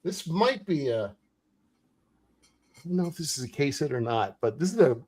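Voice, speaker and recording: A man's voice: a little high, big pitch swings, measured pace, darkish tone, slightly rough. A man hosting a casual pack-opening stream, chatty and enthusiastic. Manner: enthusiastic, chatty, laughs often. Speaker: host. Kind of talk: casual chat while opening card packs.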